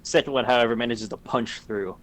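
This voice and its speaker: Game master, male: mid-pitched, calm and descriptive, explains rules patiently over voice chat. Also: brisk, slight background noise. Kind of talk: narrating a tabletop game.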